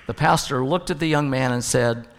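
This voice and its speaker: A man's voice: medium pitch, moderate pace. A male pastor preaching a sermon in a conversational way, with jokes and stories. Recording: long hall reverb.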